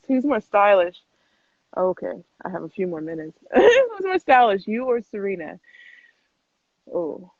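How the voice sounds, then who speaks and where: A chatty young woman answers viewer questions in a relaxed live Q&A, talking quickly and breaking into laughs between answers. Her voice comes through thin and phone-like. The sound is close and dry, with no room around it. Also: on the low side, no room sound. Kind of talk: casual live Q&A chat.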